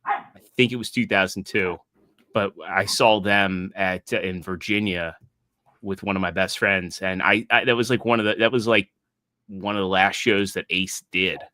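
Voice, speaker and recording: Thirtyish guy on a gaming podcast, lowish bright voice, dry close mic. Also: fairly even intonation, normal speed, no echo. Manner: chatty, full of asides and restarts. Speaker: podcast co-host. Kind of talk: casual chat watching a documentary.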